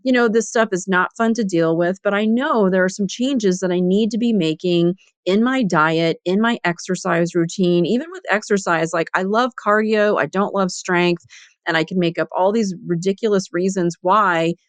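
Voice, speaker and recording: A woman's voice: mid-range voice, normal speed, clear, resonant tone, dry recording. A woman in her fifties hosting her own podcast, telling a candid story in a chatty way with lots of "you know". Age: 50s. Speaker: podcast host and business coach. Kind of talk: casual solo podcast storytelling.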